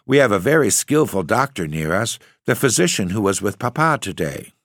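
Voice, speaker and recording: A man reading an audiobook, voicing an earnest, caring young lady who speaks gently. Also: lowish voice, big pitch swings, moderate pace, dry recording, clean studio sound.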